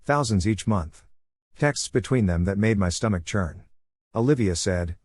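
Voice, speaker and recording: A man narrating a first-person drama story in a calm, cool tone. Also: lowish voice, measured pace, husky, dry recording.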